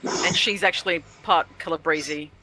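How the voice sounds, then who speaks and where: A woman's voice: on the low side, fairly even intonation, normal speed, crowd noise. An Australian woman chatting casually on a game stream, telling anecdotes and acting out other people's lines. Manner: chatty storyteller, acts out voices in anecdotes. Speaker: streamer and co-host.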